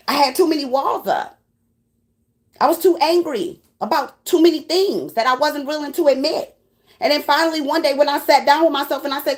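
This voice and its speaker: Black woman preaching at her viewers, high voice, cussing, blunt and fired up. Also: brisk. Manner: blunt, profane, preachy and animated. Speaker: tarot reader. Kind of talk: spiritual pep talk to viewers.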